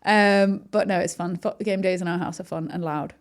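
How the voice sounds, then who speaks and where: A woman's voice: lowish voice, normal speed. A woman in her thirties from northern England, with an English accent tinged by an American twang, telling stories animatedly as a podcast guest. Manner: animated, laughing storyteller. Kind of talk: casual chat.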